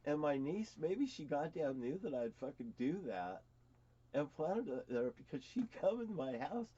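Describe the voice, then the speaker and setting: A man's voice: a little high, sing-song, moderate pace, warm tone, breathy edge, highs cut off. A middle-aged man telling personal stories in a rambling, profane vlog monologue, stammering and repeating words. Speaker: vlogger.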